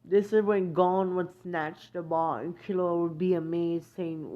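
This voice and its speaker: A woman's voice: lowish voice, fairly even intonation, unhurried. A woman improvising a fan-fiction story, rambling and hesitant, correcting herself often. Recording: dull lo-fi recording.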